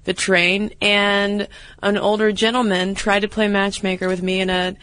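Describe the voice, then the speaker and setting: A woman co-hosts a podcast in an easy, chatty way, telling stories with small pauses and restarts. Her voice sits at a middle pitch. The sound is dry and close, with no room around it. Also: little pitch movement, fairly bright tone, no echo. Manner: chatty, storytelling, with hesitations. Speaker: podcast co-host. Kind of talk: casual chat.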